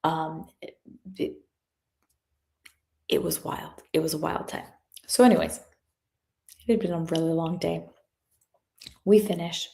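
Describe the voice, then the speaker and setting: A woman with a low, gravelly voice gives a motivational talk, leaning into her story and acting out the voices of the people in it. She moves between speaking to the audience and playing out scenes from her clinic. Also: measured pace, long pauses. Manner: animated, acts out quoted voices. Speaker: guest speaker, chiropractor.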